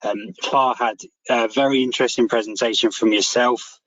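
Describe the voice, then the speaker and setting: A man chairing a meeting and thanking presenters over a video call, relaxed and halting with many ums. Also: medium pitch, dry recording. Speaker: section chair hosting a meeting. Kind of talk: closing remarks on a video call. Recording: dull lo-fi call audio.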